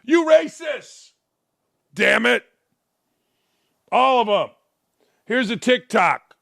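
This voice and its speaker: A man's voice: high voice, lively intonation, slow, creaky, bright, forceful tone, dry recording, studio quality. A man hosting a sports talk show, giving blunt, sarcastic and mocking opinion commentary.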